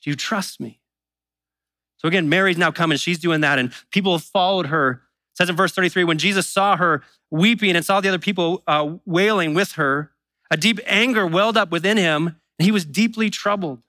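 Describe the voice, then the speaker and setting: Bright, conversational preaching man. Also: high-pitched, brisk, no room sound. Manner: conversational preaching, acts out voices of doubters. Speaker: pastor. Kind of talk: sermon.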